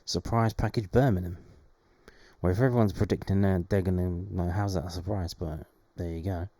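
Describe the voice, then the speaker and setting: A man's voice: low voice, steady tone, normal speed, dark tone, no echo. A young man, casually reading out football predictions and adding wry, chatty asides. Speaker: fan channel host. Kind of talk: casual solo commentary, reading predictions aloud.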